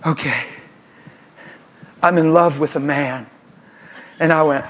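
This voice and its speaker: A man preaching a sermon, telling a story with acted-out voices, moving between hushed tones and shouts. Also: on the high side, slow pace, long pauses, heavy background noise. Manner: animated, acts out voices, swings from hushed to shouting.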